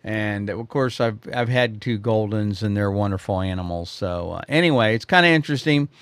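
A man's voice: on the low side, normal speed, a bit bright, smooth, dry recording. A man teaching photography in a live quiz stream, talking straight to viewers in a rambling, chatty way with many fillers and restarts. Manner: chatty, addresses viewers directly.

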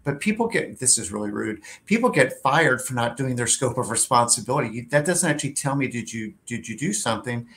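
A man hosting a career show, chatting casually, telling anecdotes and filling pauses with "like" and "you know". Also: mid-range voice, expressive, fairly bright tone, slight background noise. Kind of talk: casual interview chat.

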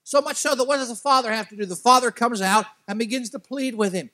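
A man preaching as a guest speaker at a church, telling a story with lively, animated delivery. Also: quick pace, few pauses, no room sound. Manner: animated storytelling, acts out characters' quotes with big pitch jumps. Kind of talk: sermon.

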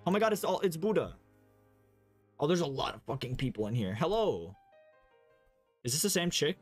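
A young man co-hosting a gaming show, chatting casually and excitedly and swearing freely. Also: a little high, normal speed, faint music behind. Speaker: gaming podcast co-host. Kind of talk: casual gameplay banter.

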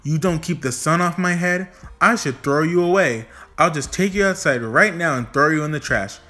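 Guy doing a fussy old uncle, frets and mutters to himself, bright voice, storybook reading. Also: on the high side, moderate pace. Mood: fretful. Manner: fretful, talks to himself. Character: fussy old man, fond of his hat.

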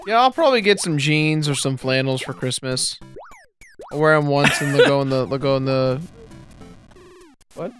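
A man in his twenties co-hosts a let's play video, rambling through an anecdote with casual commentary and laughing at his own punchlines. His voice is medium-pitched, his pace moderate, and he leaves long pauses. Faint game music plays in the background.

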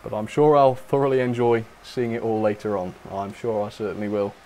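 The host of this model railway livestream is a young man with a lowish, slightly mellow voice, a steady tone and a brisk pace. He talks to viewers in a relaxed, chatty manner, laughs often, teases himself and reads the chat out.

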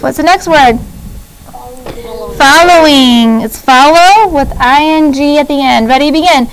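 A middle-aged woman teaching a spelling lesson, her voice set quite high. She drills each word patiently, dragging out the letters one by one and chatting in between. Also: unhurried, soft background music, rough recording. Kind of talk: classroom spelling lesson over video.

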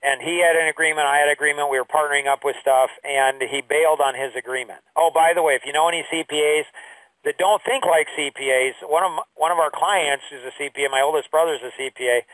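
Rambling man, fairly high voice. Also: steady tone, fast, a bit bright, no room sound, far from the mic, rough recording. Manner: rambling storyteller with many fillers; pushes his voice high for quoted speech. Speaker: business coach teaching a course. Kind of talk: anecdotal online lesson.

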